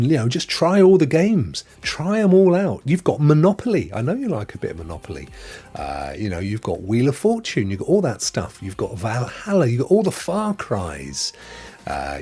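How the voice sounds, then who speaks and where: A man's voice: medium pitch, darkish tone, husky. A chatty man hosting a live stream, joking and answering viewers' chat messages by name.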